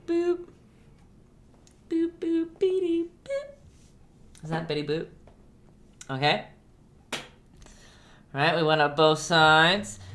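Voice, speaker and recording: A young woman with a low voice leads a casual live-streamed painting lesson. She chats easily with her viewers, calls them by name and laughs a lot between steps. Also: fairly bright tone. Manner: chatty, laughs often, talks to viewers by name. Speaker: painting instructor. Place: home painting setup.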